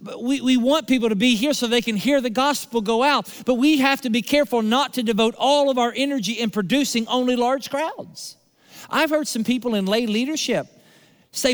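Male pastor, high voice, preaching with repetition and pauses, long hall reverb. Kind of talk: sermon.

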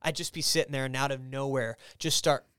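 A man in his thirties telling a personal testimony as a podcast guest, casual and animated, often slipping into other people's voices as he retells what they said. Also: fairly quick, smooth, no room sound, clean studio sound. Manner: animated, acts out quoted voices in a raised pitch; casual, filler-heavy with frequent restarts.

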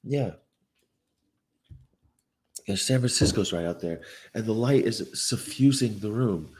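Reading news aloud in a rented room with a window view, a vegan activist vlogger from Northern England vents his exasperation with profanity. His fairly low, slightly rough voice is animated yet slow, with long pauses, and he alternates between loud bursts and mutters.

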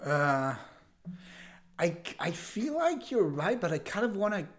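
A man guesting on a podcast as a comedian, sarcastic and animated, swearing freely in casual chat. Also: high-pitched, measured pace.

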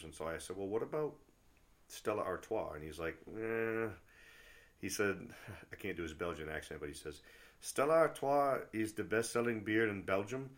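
A middle-aged man chatting casually as a travel vlogger, rambling through stories with lots of fillers and restarts and getting worked up when he rants. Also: low voice. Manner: gets loud and worked up when ranting. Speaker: travel vlogger and tour guide. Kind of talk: casual chat.

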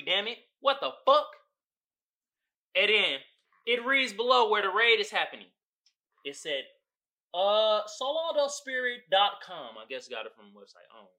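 Animated, sharp-voiced male podcast host. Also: on the high side. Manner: animated, profane, breaks into loud laughing outbursts. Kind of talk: casual solo podcast talk.

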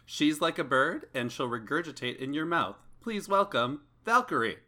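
A man hosting a casual podcast, animated and camp, who acts out other people's words. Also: fairly high pitch, moderate pace. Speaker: podcast host. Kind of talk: casual chat.

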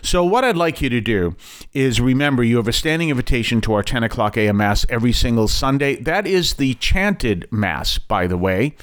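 Chatty Boston priest on radio. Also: male voice, medium pitch, animated, moderate pace. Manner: chatty, digressive, light self-deprecating asides. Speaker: Catholic priest and radio host. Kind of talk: Catholic radio talk show.

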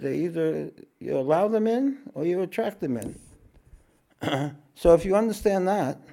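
A man teaching a spiritual talk to an audience, unhurried, repeating his phrases and often clearing his throat. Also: on the high side, warm tone.

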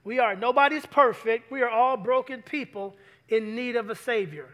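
A man preaching a sermon to a congregation in a lively way, often putting questions to the listeners. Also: very high voice, normal speed, highs cut off. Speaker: pastor.

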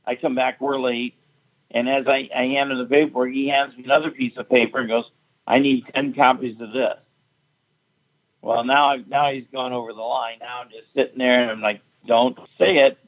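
A man's voice: medium pitch, little pitch movement, brisk. Man, storytelling, profane, blunt, muffled lo-fi sound. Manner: blunt, profane, recounting quarrels with rising heat. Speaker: fight event promoter. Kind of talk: casual storytelling.

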